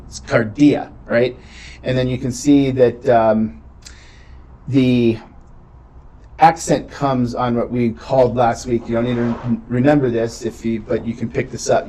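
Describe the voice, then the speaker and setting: A man's voice: mid-range voice, fairly even intonation, measured pace, dark tone, low-quality recording. A man teaching a beginning Greek class, explaining patiently and checking in with "right?" often. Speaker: Greek instructor. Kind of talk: classroom lecture.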